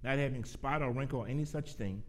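A man's voice: medium pitch, fast talker. Male preacher, mid-range voice, earnest sermon delivery with emphatic swells. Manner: earnest, building from soft announcements to emphatic preaching.

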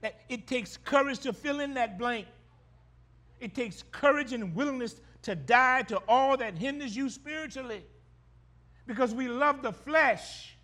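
A man preaching a sermon, swinging between loud drawn-out exclamations and hushed low phrases, with emphatic repetitions. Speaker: pastor.

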